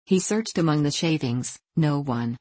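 Low-voiced woman reading a storybook. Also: animated, measured pace, warm tone, no room sound. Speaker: audiobook narrator.

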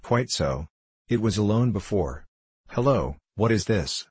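A man's voice: fairly low pitch, animated, unhurried, darkish tone, breathy edge, no echo. A man reading Sherlock Holmes, cool and shrewd. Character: cool, shrewd male detective, calm and sure of himself. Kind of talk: audiobook character reading.

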